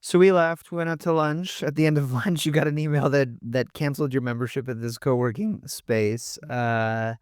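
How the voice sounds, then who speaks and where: A man's voice: medium pitch, steady tone, moderate pace, few pauses, clear, resonant tone, no echo, studio quality. A man co-hosting a podcast, asking prompting follow-up questions in a casual conversation. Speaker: podcast co-host.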